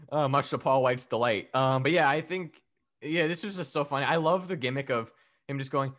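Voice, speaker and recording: A man's voice: medium pitch, fairly quick, a bit bright. A man co-hosting a podcast, chatting casually and profanely about wrestling, rambling with fillers and frequent laughs. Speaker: podcast co-host. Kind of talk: casual chat reviewing wrestling.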